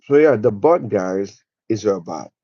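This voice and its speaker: A man's voice: fairly low pitch, expressive, measured pace, no echo. A man with a French accent hosting a motivational livestream, speaking emphatically and repeating himself, often calling his viewers "guys.". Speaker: livestream host. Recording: dull dry lo-fi sound.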